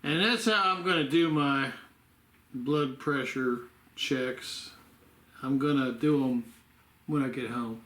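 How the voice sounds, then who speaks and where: Sleepy guy rambling at home, middle pitch, roomy echo. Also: slow pace, pauses often, a bit bright. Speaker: vlogger. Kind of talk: casual home health vlog. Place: home room.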